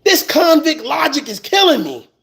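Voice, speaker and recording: A man's voice: very high voice, sing-song, normal speed, gravelly, a bit bright. A man in a fired-up, profane rant, repeating words when he gets heated. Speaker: commentator. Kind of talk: impassioned rant.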